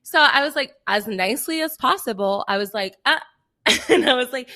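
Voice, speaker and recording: A young woman co-hosting a podcast, telling a story in an animated way, acting out quoted dialogue and saying "like" a lot. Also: high-pitched, normal speed. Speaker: podcast co-host. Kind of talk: casual chat.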